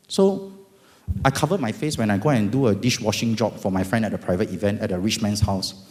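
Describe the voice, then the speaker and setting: A middle-aged man with a Singaporean accent giving a dramatic, animated testimony at an event. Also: on the low side, quick pace. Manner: animated, dramatic, bursts of loud emphasis. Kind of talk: storytelling testimony talk. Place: event hall. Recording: long hall reverb.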